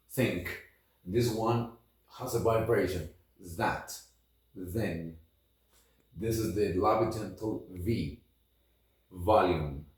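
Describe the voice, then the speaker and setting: Man teaching phonetics, slow and deliberate, lowish voice, echoey room, set back from the mic. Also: recorded from a distance. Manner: slow, deliberate, drawing out example sounds. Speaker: English pronunciation teacher. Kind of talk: phonetics lesson with model words.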